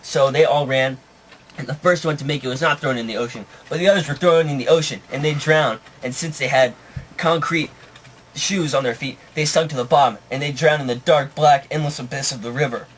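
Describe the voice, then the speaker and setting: A man improvising a puppet story, narrating deadpan and often laughing. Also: a little high, fairly quick, slight background noise.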